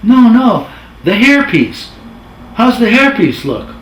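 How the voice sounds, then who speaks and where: Man doing a loud high-voiced older crooner. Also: big pitch swings, slow, distant mic, full character voice. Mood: insistent. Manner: high, loud, repeating himself. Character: older famous male crooner on the phone, insistent. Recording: roomy with faint noise.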